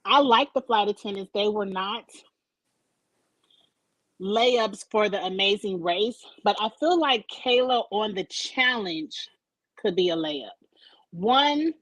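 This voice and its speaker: A woman's voice: medium pitch, animated, unhurried, pauses often, a bit bright, no room sound, poor audio. A woman co-hosting a casual chat show, talking in a chatty, opinionated, slangy way. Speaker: podcast co-host. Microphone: desk mic.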